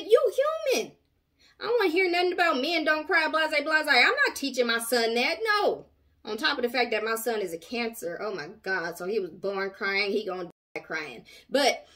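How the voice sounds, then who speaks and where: Sassy woman reacting, high and bright. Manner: animated, sassy, outspoken. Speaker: commentary channel host. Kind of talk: reaction commentary.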